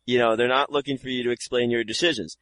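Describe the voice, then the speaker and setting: A man's voice: mid-range voice, steady tone, fast, a bit bright, no room sound. A man co-hosting a podcast, giving emphatic opinions in casual chat. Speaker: podcast co-host.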